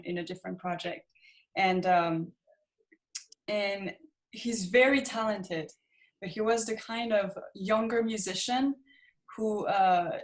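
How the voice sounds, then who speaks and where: Laughing woman musician, casual chat. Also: medium pitch. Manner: laughs often, hesitant fillers. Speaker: musician guest.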